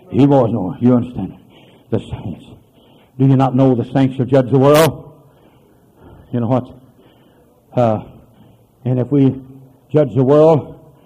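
A man preaching a holiness sermon as a pastor, moving between hushed storytelling and loud hollering. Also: mid-range voice, phone-quality sound. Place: church.

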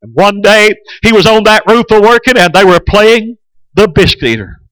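A man's voice: high-pitched, animated, normal speed, a bit bright, dry recording, poor audio. A man preaching a sermon as a pastor, telling stories in a folksy way and often hesitating. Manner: folksy storytelling with frequent hesitations.

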